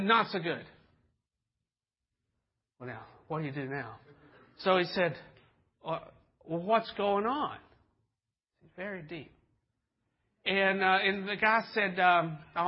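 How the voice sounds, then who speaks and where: Husky high-voiced preacher man telling stories. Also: highs cut off. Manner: folksy and joking, acts out voices in stories. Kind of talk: storytelling sermon.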